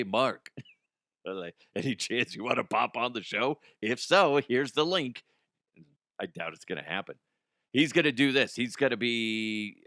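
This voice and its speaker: Host of a sports talk show, a man who rambles and laughs at himself in casual chat. His voice is bright and forceful and sounds dry and close to the mic. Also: on the low side, dry recording. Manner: rambling and self-mocking, laughs often.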